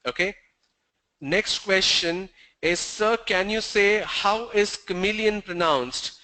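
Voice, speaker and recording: A man's voice: high-pitched, takes it slowly, sharp tone, low-quality recording. A middle-aged man teaching English pronunciation in an online lesson, drilling sounds letter by letter and correcting common mistakes.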